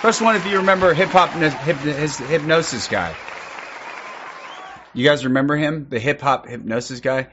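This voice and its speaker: A man streaming and reacting to clips, sarcastic and profane, working himself into excited outbursts. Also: fairly high pitch, normal speed, lo-fi sound, a crowd in the background, noisy background. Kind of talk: mocking commentary.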